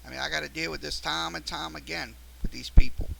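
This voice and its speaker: A man's voice: a little high, steady tone, quick pace, creaky, bright, forceful tone, a little hiss or hum, low-quality recording. A man hosting a live-streamed sports talk show, rambling with many fillers and restarts and getting upset at a viewer. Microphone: studio mic through a mixer.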